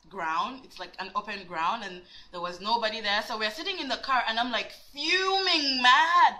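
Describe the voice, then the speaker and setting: A woman vlogger telling a personal story in a dramatic, animated way, cussing freely. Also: medium pitch, poor audio. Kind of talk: storytime vlog.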